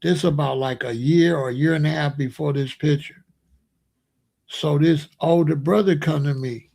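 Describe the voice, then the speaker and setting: High, gravelly-voiced man telling a story. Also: steady tone, moderate pace, darkish tone. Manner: rambling, emphatic, breaks into laughs. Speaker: channel host. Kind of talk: casual storytelling monologue.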